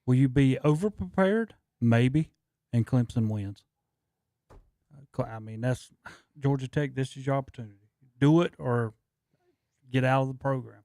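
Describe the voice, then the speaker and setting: A man's voice: medium pitch, normal speed, warm tone, no room sound, studio quality. A man on a sports talk panel, rambling loosely through his picks. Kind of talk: casual sports radio banter.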